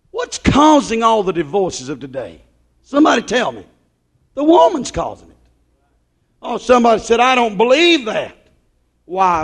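A man preaching a sermon, swinging between loud emphasis and quiet asides and putting questions to the congregation. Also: high voice.

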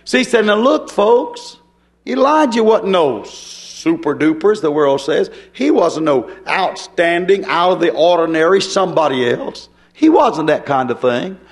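A man with a notably high voice delivers a sermon in plain, homespun language. He presses his points with emphasis and keeps checking in with rhetorical questions to his listeners. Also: sing-song, unhurried. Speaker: preacher.

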